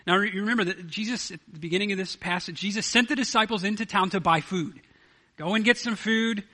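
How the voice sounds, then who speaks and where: Bright, high-voiced male pastor preaching. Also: fast talker. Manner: earnest, with frequent restarts and repeated words. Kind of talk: sermon.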